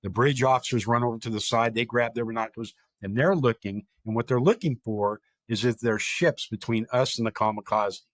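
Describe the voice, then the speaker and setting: A man's voice: medium pitch, fairly quick, few pauses, no room sound. A man speaking as a guest and telling a vivid, dramatic story, quoting people directly as he goes. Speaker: guest, historic park chief of staff.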